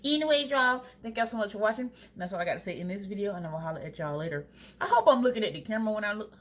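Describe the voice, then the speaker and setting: A young woman in braces chatting casually to her viewers while she cooks at home, talking straight to them with drawn-out asides. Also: medium pitch, animated. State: wearing new braces, teeth clanging. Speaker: vlogger. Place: home kitchen. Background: food sizzling in a pan.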